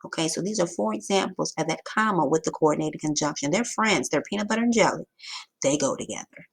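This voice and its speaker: A woman teaching a grammar lesson over slides, emphatic and lively, with sudden jumps in pitch. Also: fast talker, creaky, breathy edge.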